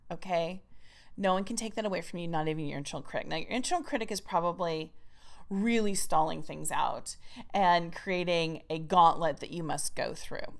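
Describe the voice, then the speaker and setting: A woman teaching a recorded writing course in an emphatic, chatty manner. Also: on the low side. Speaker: writing coach.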